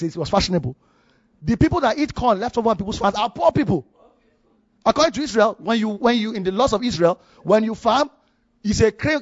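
Nigerian male preacher, high husky voice, animated storyteller who repeats himself for emphasis; dry, dull lo-fi sound. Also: no echo. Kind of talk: sermon with personal testimony.

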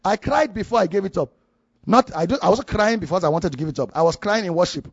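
A man's voice: high-pitched, animated, fast, husky, no room sound, lo-fi sound. A man with a Nigerian accent preaching a sermon, telling a personal story with many repeats and restarts for emphasis.

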